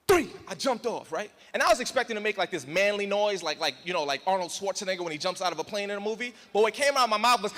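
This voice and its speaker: A man giving an animated motivational speech to an audience, acting out the voices in his story and calling the crowd y'all. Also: high voice, quick pace, big-room sound. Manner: dramatic, acts out voices and screams, addresses crowd as y'all. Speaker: motivational speaker. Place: large hall in front of an audience.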